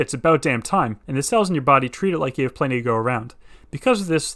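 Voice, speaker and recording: A man's voice: mid-range voice, fairly bright tone. A man giving scripted comedic narration with sarcastic, crude asides.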